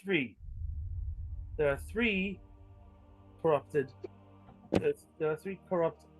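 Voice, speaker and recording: A man narrating and answering players as game master of a tabletop game, in terse, measured replies. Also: a little high, soft background music, low-quality recording.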